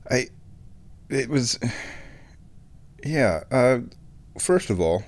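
A man's voice: mid-range voice, very animated, extremely slow. A drowsy man rambling casually to his viewers at home, chuckling often, his sinuses a bit stuffed. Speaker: vlogger. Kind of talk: rambling casual chat to camera.

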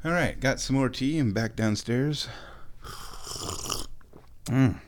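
A man's voice: medium pitch, slow pace, slight background noise. A man with stuffed-up sinuses hosting a podcast, talking in a casual, playful, digressive monologue while walking around his home. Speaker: podcast host. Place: at home, walking between rooms.

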